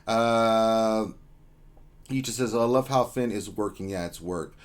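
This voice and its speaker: On a casual gaming livestream, a male host reads out greetings from chat, rambling and joking with many ums and uhs. His lowish voice keeps a measured pace.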